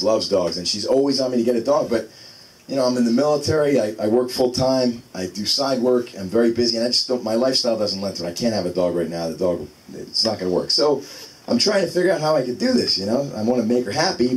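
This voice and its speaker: A man in his thirties doing a casual stand-up comedy set, telling self-deprecating stories about his kids. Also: medium pitch. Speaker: stand-up comic. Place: small live comedy venue. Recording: distant mic in a noisy room.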